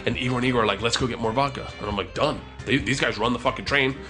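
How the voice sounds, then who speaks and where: A man in his thirties telling a comic story, animated and profane, acting out the voices of the people in it. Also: mid-range voice, very fast, over music. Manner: animated, profane, acts out quotes.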